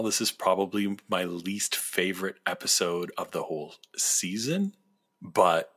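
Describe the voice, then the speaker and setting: A man's voice: low voice, sharp tone. A man co-hosting a podcast, talking about a series in an enthusiastic, rambling way. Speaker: podcast co-host. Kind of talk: casual fan discussion.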